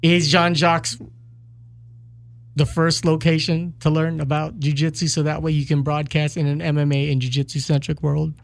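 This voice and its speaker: Casting: higher-pitched male podcast host, halting, repeats himself while asking rambling questions. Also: little pitch movement, creaky. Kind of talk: casual interview chat.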